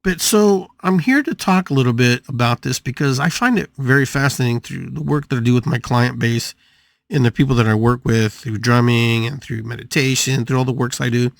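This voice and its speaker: An older man, a podcast host and spiritual healer, delivers an animated motivational talk on his spiritual podcast, his pitch jumping suddenly as he playfully stretches out repeated words. His voice has some vocal fry, and the recording is dry with a clean studio sound.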